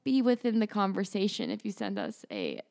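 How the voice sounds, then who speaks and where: A woman's voice: medium pitch, wildly swooping pitch, a little fast, vocal fry, darkish tone. A woman co-hosting a podcast in casual chat, rambling and full of filler words. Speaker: podcast co-host.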